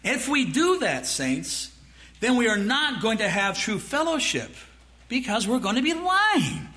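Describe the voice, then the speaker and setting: A male pastor delivers an emphatic sermon in a high, bright voice. He swings his pitch widely, drives his points home with repetition, and throws out rhetorical questions to the congregation. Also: sing-song, a little slow. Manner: emphatic preaching, mock dialogue with the congregation; rhetorical questions and repeated phrases.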